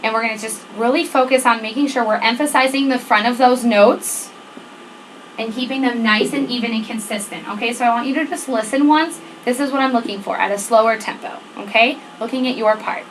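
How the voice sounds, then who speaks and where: A woman's voice: on the high side, a little fast, slight background noise, rough recording. A woman band teacher leading a rehearsal, giving directions, counting off the tempo and checking in often. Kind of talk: rehearsal instruction. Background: student band playing.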